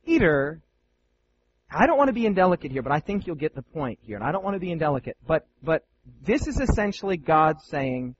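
A man preaching a sermon to Bible students, animated and playful, with many rhetorical questions. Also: sits high, a little fast, dull audio, a little hiss or hum.

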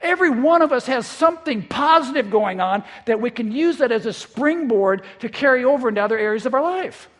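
High-voiced man preaching a lively sermon. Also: fairly quick, few pauses. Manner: lively, repeats words when excited. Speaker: pastor. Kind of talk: conversational sermon. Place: church in eastern South Dakota.

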